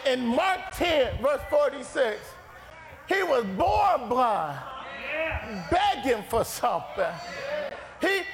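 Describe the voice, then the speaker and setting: Man, gravelly fiery preacher, shouts and repeats his points; high voice, reverberant church hall. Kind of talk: fiery sermon. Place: church sanctuary. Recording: reverberant hall with faint congregation.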